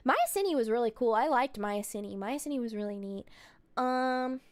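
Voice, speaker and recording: A woman's voice: a little high, animated, moderate pace, dry recording. A woman streamer in casual chat, playful and goofy, joking with silly word swaps.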